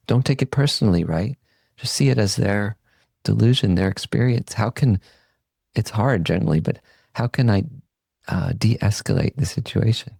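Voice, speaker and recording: Low gravelly male voice, mellow and unhurried; a meditation teacher reflecting calmly. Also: no echo. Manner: calm, unhurried, gently reflective. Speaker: podcast host and meditation teacher. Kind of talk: reflective Buddhist teaching talk.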